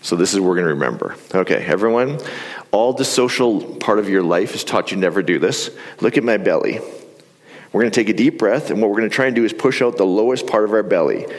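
Middle-aged guy with a low voice leading a breathing exercise live, calm coaching tone, big echoey hall. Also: quick pace. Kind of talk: live talk with guided breathing. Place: large hall before an audience. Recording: live hall with long reverb.

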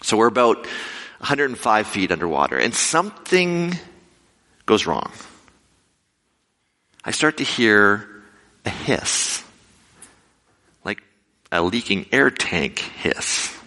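A man telling a lively story in a sermon, acting out his own quoted lines with sudden leaps in pitch. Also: slow pace, long pauses. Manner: animated, acts out quotes with big pitch jumps. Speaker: preacher. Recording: echoey hall with long reverb.

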